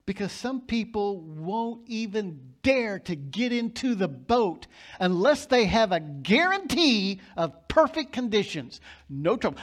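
A male pastor preaching a sermon, emphatic and storytelling, building his points to loud peaks. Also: high-pitched, very animated, unhurried.

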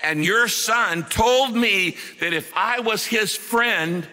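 A man voicing a small eager boy, speaking slowly and pleadingly. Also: sits high, pushed and bright, in a large hall, voice pushed up, heavily acted. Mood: hopeful.

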